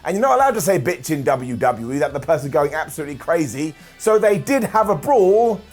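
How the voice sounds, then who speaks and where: Husky man, sarcastic wrestling recap. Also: fairly high pitch, very animated, a little fast, darkish tone. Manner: sarcastic, jokey, mimics people in funny voices. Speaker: wrestling show reviewer. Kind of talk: comedic recap commentary. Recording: light background music.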